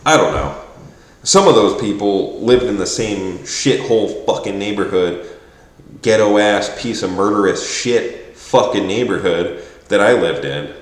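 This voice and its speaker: Casting: fairly low-voiced man, rambling and profane, exasperated vlog rant, echoey room. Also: lively intonation, a little slow. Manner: quotes others in mocking voices. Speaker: vlogger. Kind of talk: casual rant to camera.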